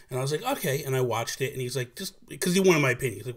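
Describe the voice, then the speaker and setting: A man's voice: mid-range voice, very fast. A man hosting a live video chat, talking casually and energetically, rambling with restarts and greeting viewers by name. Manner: animated, rambling with many restarts, greets chatters. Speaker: livestream host.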